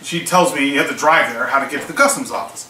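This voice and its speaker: A man's voice: medium pitch, fast, bright, forceful tone. A man casually telling a story, acting out both sides of the conversations he recounts. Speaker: small online seller vlogger. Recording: echoey room, mic at a distance, faint hiss.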